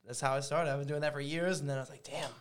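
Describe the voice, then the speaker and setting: Man in his thirties, guest; blunt, raunchy storyteller with a slightly raised pitch. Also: steady tone, racing, clear, resonant tone. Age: 30s. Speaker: podcast guest. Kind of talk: casual chat.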